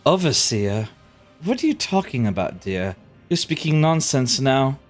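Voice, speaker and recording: A man voicing a sinister, mocking female villain who speaks with slow, amused menace. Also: mid-range voice, sing-song, soft background music. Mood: taunting.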